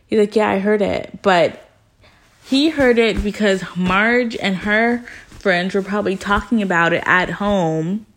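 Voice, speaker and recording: A woman's voice: medium pitch, measured pace. A woman recapping reality TV in casual chat, acting out what people said and leaning on "like" as a filler. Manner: animated storytelling, acting out quotes with "like" fillers.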